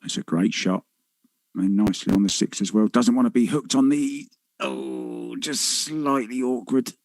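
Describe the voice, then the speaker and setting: A man giving relaxed, chatty live commentary on a pool match. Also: lowish voice, a little slow, vocal fry, dry recording, low-quality recording.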